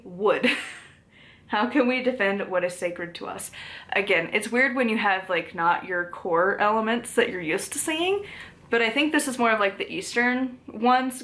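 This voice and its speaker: A woman's voice: mid-range voice, a bit bright. A woman chatting casually through a book haul, full of "like" fillers and small laughs. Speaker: book reviewer.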